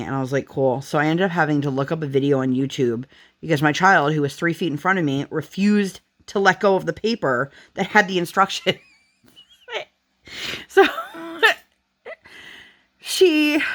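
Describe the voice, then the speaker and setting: A young woman chatting casually while she works on a craft at home, telling a family story with lots of "like.". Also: sits low. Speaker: crafting vlogger.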